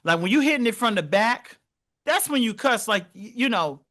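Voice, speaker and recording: A man's voice: high-pitched, normal speed. A young man co-hosting a podcast, telling stories in casual conversation and acting out the voices he quotes. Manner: animated storytelling, acts out quoted voices. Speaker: podcast co-host.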